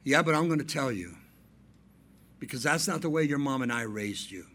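A man in his fifties preaching a sermon as pastor, telling family stories, dropping into quiet asides and rising into emphatic points. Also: medium pitch, expressive, moderate pace. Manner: storytelling preacher, swings between soft asides and emphatic raised points.

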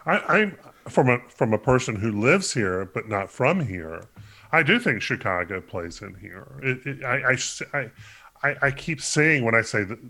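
Bright-voiced man, halting and searching. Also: medium pitch, sing-song. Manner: halting, repeats words, searching for phrasing. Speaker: podcast co-host. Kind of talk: casual book discussion.

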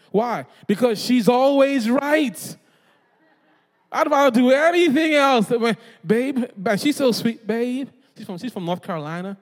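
High-voiced animated man preaching. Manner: animated, calls for audience response, self-deprecating jokes. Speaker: guest pastor. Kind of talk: energetic sermon. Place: church hall. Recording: long hall reverb.

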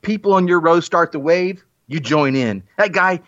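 A man's voice: fairly high pitch, animated, moderate pace, fairly bright tone. A man giving a playful, theatrical mock-persuasive monologue in a self-mocking way. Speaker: guest making a comic pitch. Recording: muffled lo-fi recording.

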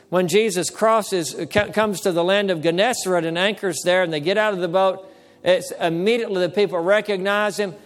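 A man preaching a sermon as pastor, calling for amens and slowing down to stress key words. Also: high-pitched, long reverb tail.

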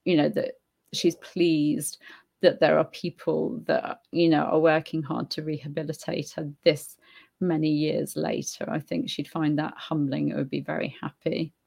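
A woman talking casually to viewers on a live stream. Her voice sits low and has a gravelly edge of vocal fry. She thinks aloud, pausing on fillers and restarting her sentences. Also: flat delivery, darkish tone. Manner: hesitant, many fillers and restarts, thoughtful. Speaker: live-stream host answering viewer comments. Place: home in Spain.

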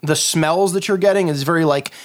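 A man's voice: a little high, brisk. A man running a tabletop game as game master, describing scenes in a loose, rambling way full of fillers.

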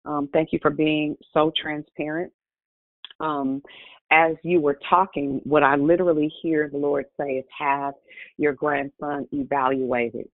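A woman hosting a prayer call, speaking softly and affirming her callers. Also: low-pitched, steady tone, unhurried, no echo. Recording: tinny phone line.

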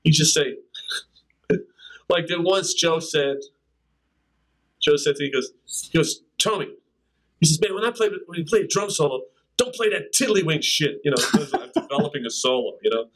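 A man's voice: on the high side, animated, normal speed, pauses often, fairly bright tone, low-quality recording. An older man, a drummer and interview guest, telling rambling anecdotes in casual conversation and scatting rhythms. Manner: rambling anecdotes with scat-sung drum rhythms and laughs. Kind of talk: casual storytelling.

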